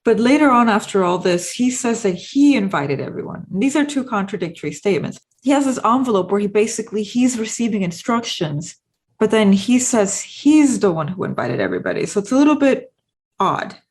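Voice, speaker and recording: A woman's voice: medium pitch, expressive, brisk, darkish tone. A woman hosting a video essay, talking through her analysis in a casual, explanatory way.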